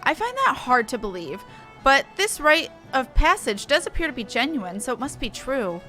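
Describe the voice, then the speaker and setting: A woman's voice: high voice, big pitch swings, moderate pace, sharp tone, faint music behind, exaggerated voice. A woman voicing a haughty, fussy female scholar in a video game, with formal, archaic phrasing, reading the dialogue aloud. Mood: grudging.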